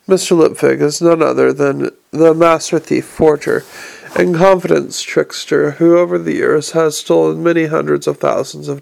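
A man's voice: on the high side, gravelly, darkish tone. A man playing Vetinari, a cold, dry tyrant. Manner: dry, measured, faintly mocking. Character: cold, urbane male city tyrant, unhurried.

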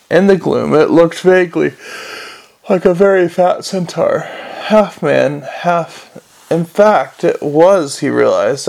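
A man reading a comic novel aloud as a narrator, in a wry, measured storytelling manner. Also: on the high side, creaky, darkish tone. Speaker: audiobook narrator. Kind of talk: scripted narration.

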